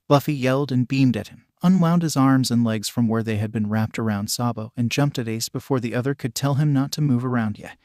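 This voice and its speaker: A man reads a long piece of fan fiction aloud, voicing the dialogue in the same even tone as the prose. His voice sits at a middle pitch and is recorded close and dry, with no room around it. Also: a little fast, hardly any pauses, no room sound. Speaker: narrator.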